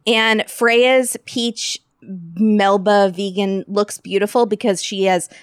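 A woman's voice: medium pitch, steady tone, slow, clear, resonant tone, dry recording, clean studio sound. Wry woman podcast co-host. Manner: wry, opinionated, teasing. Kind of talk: casual chat recapping a TV show.

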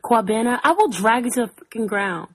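A woman's voice: on the high side, expressive, fairly bright tone, slightly rough, no room sound, low-quality recording. A woman delivering a profane, mocking roast in a social media video. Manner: crude, mocking, rapid-fire insults.

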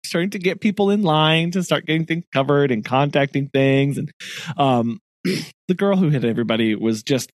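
This podcast co-host, telling a casual story, has a fairly high voice and a moderate pace. He's animated and laughs often, slipping into the voices of the people involved. The audio is clean studio sound with no room sound.

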